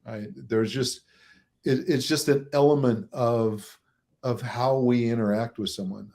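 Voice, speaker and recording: A man speaking as a relationship coach in an interview, explaining at a steady, moderate pace and chuckling often. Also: medium pitch, unhurried. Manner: chuckles often, acts out examples; steady, moderate pace by his own account.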